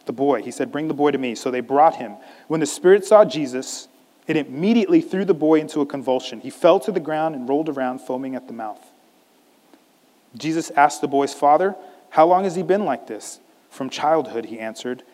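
A man preaching a sermon as a pastor, animated, acting out a scripture scene in different voices. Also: medium pitch, long reverb tail.

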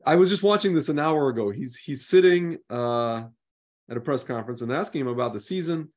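A man co-hosting a podcast, telling stories in lively casual chat and slipping into mimicked accents. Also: mid-range voice, a little fast. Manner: animated storyteller, mimics accents with laughter. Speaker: podcast co-host.

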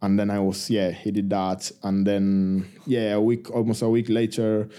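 A man, a rugby player telling stories as a guest in a casual interview, halting and full of restarts. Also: on the low side. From Argentina. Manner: halting, many restarts and fillers, relaxed.

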